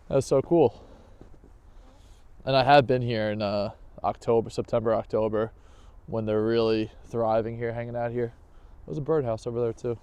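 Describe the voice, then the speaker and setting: A man's voice: medium pitch, steady tone, moderate pace, pauses often, a little mellow, smooth. A man, chatting casually to his dog and viewers as he records a walking vlog outdoors on an action camera. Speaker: vlogger hiking with his dog. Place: outdoors in a snowy park.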